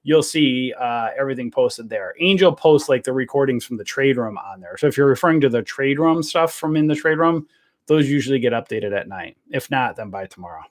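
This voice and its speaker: A man's voice: medium pitch, animated, brisk. A man hosting a casual live trading stream, rambling with lots of fillers and calling viewers guys. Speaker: trading show host. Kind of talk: casual livestream chat.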